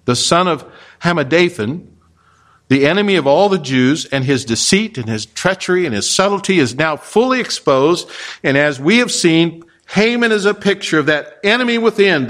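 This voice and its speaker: A man's voice: high voice, a bit bright. A male pastor preaching an expository sermon in a conversational way, often asking his listeners rhetorical questions.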